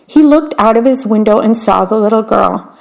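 A woman reading picture books aloud in a gentle, unhurried way, describing the pictures as she goes. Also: on the high side, vocal fry, rough recording. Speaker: storyteller.

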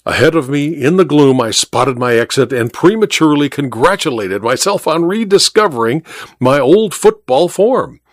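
A man's voice: fairly high pitch, lively intonation, moderate pace, no echo. A man reading a first-person period story aloud in a dry, wry storytelling manner. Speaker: audiobook narrator. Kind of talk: scripted first-person narration.

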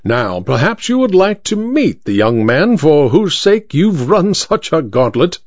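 A man's voice: a little high, very animated, measured pace, darkish tone, no echo. A man doing a cool, self-assured Victorian detective. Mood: explaining. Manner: crisp, bland and self-assured. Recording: dry, slightly dull recording.

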